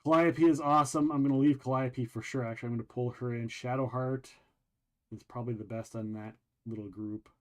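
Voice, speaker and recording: A man hosting a show, casually chatting while walking through a video game, rambling with many pauses and restarts. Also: medium pitch. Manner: rambling, relaxed, lots of ums and restarts. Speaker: show host. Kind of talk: casual game walkthrough chat.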